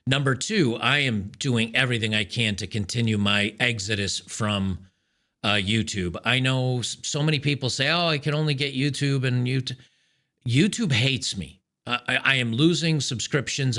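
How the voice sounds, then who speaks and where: A man's voice: mid-range voice, sharp tone. A man hosting his own commentary show, talking casually and with frustration, with frequent restarts and fillers. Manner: frustrated, ranting, many restarts. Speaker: podcast host.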